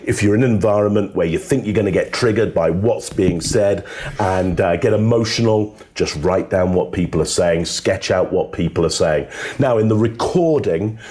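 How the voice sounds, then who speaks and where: A man, a body language analyst, giving measured casual commentary on video clips with some filler words. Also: low-pitched, a little mellow.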